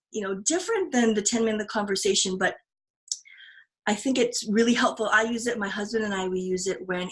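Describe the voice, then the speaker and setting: A woman's voice: medium pitch, poor audio. Earnest, reflective woman podcast host. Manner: earnest and reflective, with frequent restarts and laughs. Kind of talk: casual podcast conversation.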